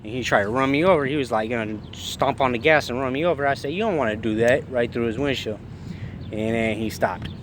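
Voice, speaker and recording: Man, vlogger retelling confrontations, rough and profane, mid pitch, noisy outdoor audio. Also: a little fast. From Long Beach, California. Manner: profane, agitated retelling with acted-out quotes. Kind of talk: casual storytelling.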